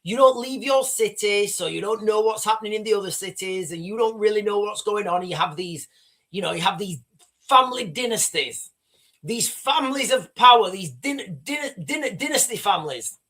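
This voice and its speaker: A man's voice: high-pitched, lively intonation, normal speed, fairly bright tone. A man hosting a live stream, talking in a rambling, conversational way to his viewers and reading their chat comments. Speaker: livestream host.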